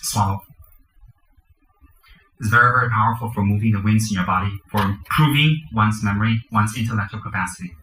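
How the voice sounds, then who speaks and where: A man leads a dharma teaching, chanting mantras and walking the group through the practice with the odd joke. His voice is bright and forceful, and it rings in an echoey room with faint ambience behind it. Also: on the low side, brisk, a little hiss or hum. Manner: chants mantras and gives practical instructions, joking asides. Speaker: Buddhist teacher.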